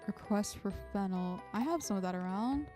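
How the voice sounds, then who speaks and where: A woman's voice: medium pitch, expressive, moderate pace, warm tone, faint music behind. A woman streamer chatting casually through gameplay, muttering to herself and swearing now and then.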